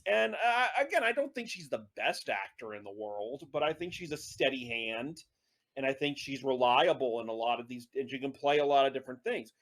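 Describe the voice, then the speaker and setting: A man's voice: medium pitch, expressive, brisk, fairly bright tone. A man co-hosting a podcast, chatting casually about a film and often restarting his sentences. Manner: rambling, hesitant with many restarts. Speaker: podcast co-host. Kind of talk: casual movie review chat.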